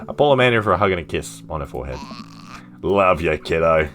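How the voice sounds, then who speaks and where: A man's voice: deep voice, animated, fast talker, fairly bright tone, slight background noise. A man streaming a dating game, reading its dialogue aloud with playful, self-mocking asides. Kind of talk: casual let's-play commentary, reading dialogue aloud.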